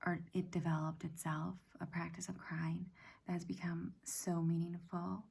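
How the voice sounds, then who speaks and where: A middle-aged woman hosting a reflective self-help talk, speaking softly and often in a half-whisper, gentle and halting. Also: on the low side, little pitch movement, vocal fry, husky. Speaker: self-help practice host. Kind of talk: soft-spoken personal reflection.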